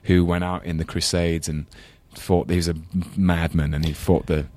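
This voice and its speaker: London guy, really deep voice, dry sound, thoughtful rambly interview chat. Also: flat delivery, normal speed, a little mellow, dry recording. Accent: London English. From England. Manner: thoughtful, self-deprecating, many restarts. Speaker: guest, actor.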